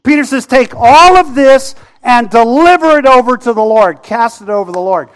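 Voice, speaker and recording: A man's voice: very high-pitched, lively intonation, normal speed, smooth. A man preaching a sermon in a conversational way that builds to impassioned pleading. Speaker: pastor.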